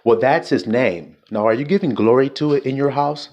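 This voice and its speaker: A man's voice: mid-range voice, normal speed, darkish tone. A man preaching an informal sermon, blunt and profane, firing rhetorical questions at his listeners.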